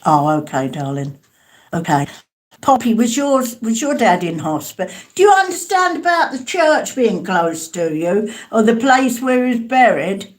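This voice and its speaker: A woman's voice: fairly high pitch, big pitch swings, measured pace. A woman giving a live spirit mediumship reading, hesitant and calling her listeners darling and sweetheart.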